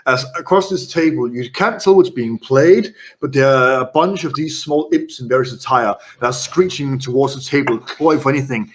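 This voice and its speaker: A man narrating a tabletop horror game as game master, in a lively, casual way. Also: mid-range voice, normal speed, few pauses, slight background noise.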